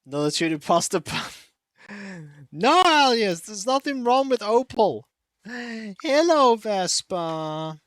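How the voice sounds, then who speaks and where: Slow, chatty male game streamer. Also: high voice, big pitch swings, no room sound. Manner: chatty, rambling, greets chat by name, coos softly to his cat. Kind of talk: casual stream chat. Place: warm room at home.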